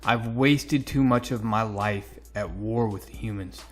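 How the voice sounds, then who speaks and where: A man reading out the lines of a commanding aged male mutant leader from a comic, low, quiet and solemn. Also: a little slow.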